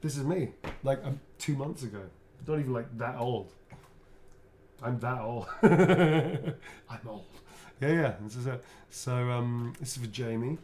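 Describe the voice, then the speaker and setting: A man chatting casually while he signs autographs on a livestream. He teases playfully, swears freely, chuckles often and drops to a quiet mutter while he draws. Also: mid-range voice, a little slow, slight background noise. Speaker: actor signing autographs on a livestream. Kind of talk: casual chat while signing.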